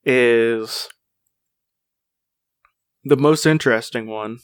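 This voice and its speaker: A man's voice: medium pitch, extremely slow, clean tone, no room sound, clean studio sound. A man co-hosting a casual chat, rambling with many fillers and restarts while reading out folklore. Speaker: podcast co-host.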